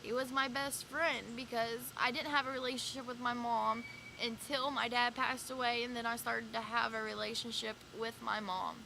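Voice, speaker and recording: A woman's voice: on the high side, little pitch movement, normal speed, creaky, background noise. A young woman vlogger telling her own life story in a loose, rambling way, full of fillers and quoted conversations. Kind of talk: casual personal storytelling.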